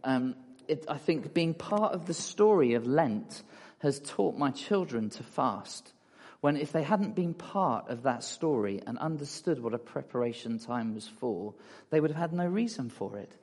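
A middle-aged man giving a relaxed, chatty talk in a church hall, full of fillers and asides to the audience. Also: mid-range voice, a little slow, husky. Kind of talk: conversational sermon with slides. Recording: long hall reverb.

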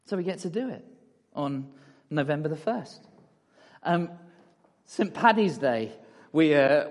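A middle-aged man giving a relaxed, chatty talk in a church hall, full of fillers and asides to the audience. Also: fairly high pitch, a little slow. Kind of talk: conversational sermon with slides. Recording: long hall reverb.

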